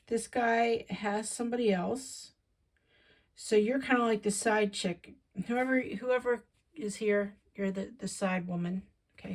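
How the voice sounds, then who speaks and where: A woman with a voice of everyday middle pitch talks her way through a tarot reading. She rambles and thinks aloud in a loose, chatty way, circling back over her own points. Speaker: tarot reader.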